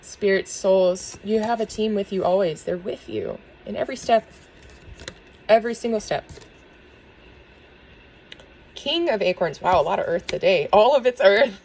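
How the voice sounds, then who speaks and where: A woman giving a spiritual tarot reading and talking earnestly to her viewers, soft and emotional, with small laughs. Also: mid-range voice, expressive, moderate pace, slight background noise, poor audio. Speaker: tarot reader.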